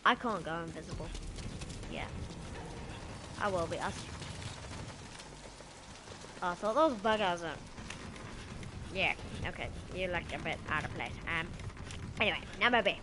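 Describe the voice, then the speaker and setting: A woman giving excitable live gameplay commentary, yelping and shrieking as the action happens. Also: medium pitch, normal speed, pauses often, background noise. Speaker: gamer streaming live.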